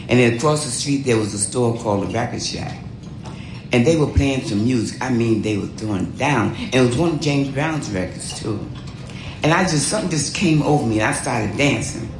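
An older woman, telling her life story in an animated, laughing way. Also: extremely low pitch, background noise. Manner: animated, laughing, acts out voices. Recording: roomy echo.

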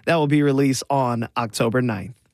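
A man's voice: mid-range voice, normal speed, darkish tone, no room sound, clean studio sound. A man from Alabama with a Southern accent, hosting a music show on the radio in a friendly, conversational way. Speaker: radio host.

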